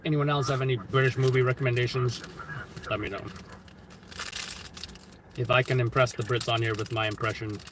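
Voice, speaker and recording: A man at an ordinary middle pitch chats casually on a live stream. He rambles and muses aloud, stopping often to correct himself. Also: flat delivery, fairly quick, pauses often, heavy background noise. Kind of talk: casual chat while streaming. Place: street-level city live stream.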